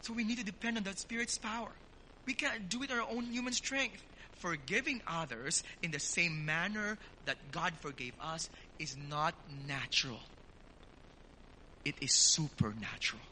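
A male pastor preaching a sermon in an earnest, emphatic way, speaking straight to his congregation and slowing down to stress key words. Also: high voice, animated, pushed and bright, a little hiss or hum, poor audio.

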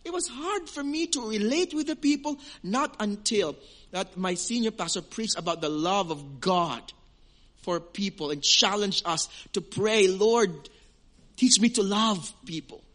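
A man's voice: sits high, a little slow, bright, forceful tone. A man with a Filipino accent, a pastor preaching an earnest sermon who often repeats words while he searches for his phrasing. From Western Visayas, Philippines.

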